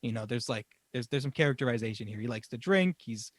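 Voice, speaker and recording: A man's voice: mid-range voice, expressive, fast, no echo. A man co-hosting a casual podcast chat, rambling through his thoughts with frequent laughs and swearing. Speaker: podcast co-host.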